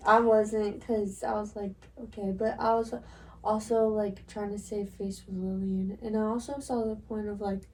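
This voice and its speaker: A woman's voice: medium pitch, flat delivery, moderate pace, mellow. A young woman co-hosting a podcast in casual chat, giggly and a little hesitant. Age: young adult. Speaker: podcast co-host. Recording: distant mic with faint noise.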